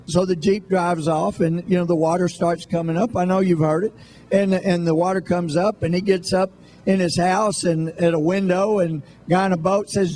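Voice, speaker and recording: High-voiced congressman telling folksy stories. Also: fairly even intonation, a little fast, darkish tone. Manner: folksy storytelling with jokes. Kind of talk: live radio interview.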